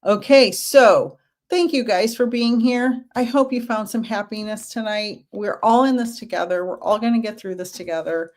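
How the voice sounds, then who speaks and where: A woman in her fifties, a spiritual medium hosting a casual livestream, who talks in a gentle, reassuring way with chatty asides. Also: a little high, moderate pace.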